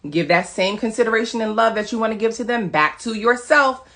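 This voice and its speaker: A woman's voice: fairly high pitch, fairly quick, a bit bright. A woman wellness coach giving an emphatic, preachy motivational monologue to her followers, repeating short commands. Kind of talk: motivational social media monologue.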